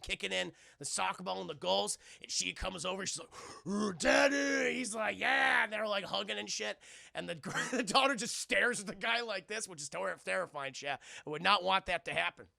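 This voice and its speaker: A man's voice: high-pitched, brisk, vocal fry, sharp tone, no echo, clean studio sound. A young man streaming a rambling, profane film recap to his live chat, acting out characters in silly voices.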